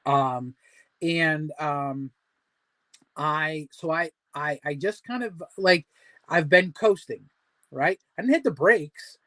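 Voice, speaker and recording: A man's voice: a little high, slow pace, pushed and bright, no echo. A man in his forties hosting a casual livestream weight-loss support chat, rambling and full of fillers as he pep-talks his viewers. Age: 40s. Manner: rambling, filler-heavy, motivational.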